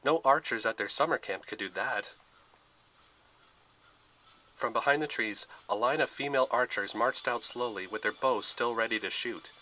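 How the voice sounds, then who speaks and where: Narrator: a man, bright and sharp, steady expressive storybook reading. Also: medium pitch, normal speed, poor audio.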